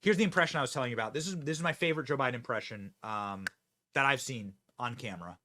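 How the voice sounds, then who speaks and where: A man hosting political commentary, who talks in an energetic, emphatic, projecting way. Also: medium pitch, quick pace. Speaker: host.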